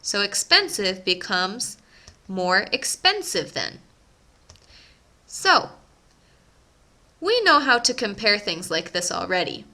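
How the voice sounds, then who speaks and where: A young woman teaching an English grammar lesson, speaking slowly and enunciating each word with care. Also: mid-range voice, very animated, pushed and bright. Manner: slow, carefully enunciated teaching voice. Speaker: ESL teacher.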